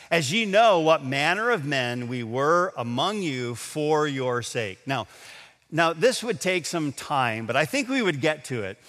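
A man preaching a sermon to a congregation, emphatic, slowing down to stress scripture quotes. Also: a little high, fairly bright tone, in a large hall. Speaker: pastor. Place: large auditorium.

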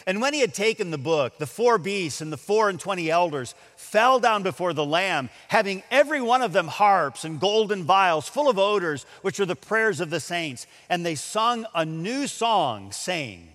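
A man delivers a sermon with a high, very lively voice that rises and falls as he presses each point. He preaches emphatically, often repeating words as he builds up. His voice rings out in a large hall with a long reverb. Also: normal speed, few pauses. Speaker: pastor.

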